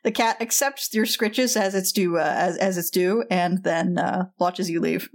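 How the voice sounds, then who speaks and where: A woman running a tabletop role-playing game, describing scenes in a relaxed way with frequent laughter and restarts. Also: on the low side, unhurried. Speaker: game master.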